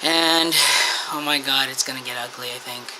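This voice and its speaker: A woman's voice: very deep voice, steady tone, moderate pace, slight background noise. Woman host reading a visual novel aloud. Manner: reads game text aloud, breaking off into shaken swearing. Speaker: gaming channel host. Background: loud game music.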